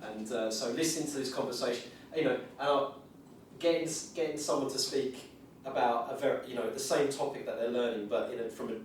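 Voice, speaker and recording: A man from South Essex and North London gives a reflective conference talk, pausing on fillers and restarting his sentences as he thinks aloud. He stands well back from the microphone, so his voice sounds distant and carries a strong echo off the room. A faint hum of ambience sits underneath. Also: medium pitch, fairly even intonation. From South Essex and North London, England. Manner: thoughtful, musing, with many fillers and restarts. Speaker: conference session presenter and former teacher.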